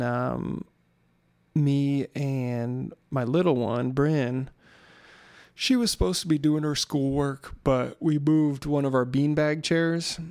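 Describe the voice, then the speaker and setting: A man's voice: medium pitch, creaky, no echo, clean studio sound. A man in his thirties, tired and yawning, rambling through a casual solo podcast about his day. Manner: rambling storyteller, yawning, relaxed. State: tired, sleepy. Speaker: podcast host.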